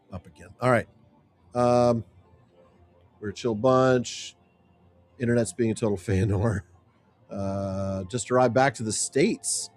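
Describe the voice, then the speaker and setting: A man's voice: lowish voice, darkish tone. A man hosting a casual gameplay stream, chatty and jokey, laughing at himself. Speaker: podcast host playing a game.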